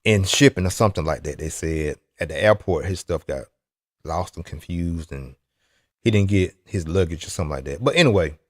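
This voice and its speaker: A man's voice: low-pitched, expressive, brisk, no echo, studio quality. A man talking loosely and teasingly in a casual chat about RC racing, with plenty of restarts. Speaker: RC racing vlogger.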